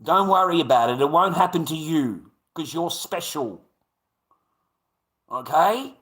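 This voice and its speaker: A man's voice: a little high, lively intonation, measured pace, a bit bright. A man on a live stream, ranting in a sweary, emphatic, repetitive way and calling listeners mate.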